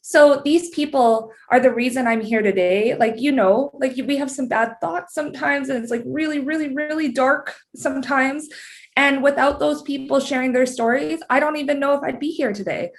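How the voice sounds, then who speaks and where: A woman's voice: sits high, normal speed. Laughing Canadian woman guest. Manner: open, laughs often. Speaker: podcast guest. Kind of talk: casual interview chat.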